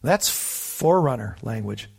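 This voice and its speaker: A man's voice: mid-range voice, lively intonation, unhurried, creaky, a little mellow, husky. A man preaching a conversational sermon, teaching a Bible passage with emphasis and rhetorical asides to the listeners.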